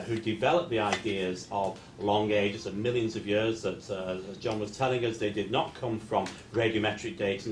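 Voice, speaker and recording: A man's voice: fairly low pitch, reverberant, a little hiss or hum. A man hosting a studio talk show, earnestly prompting his guest with long, winding questions.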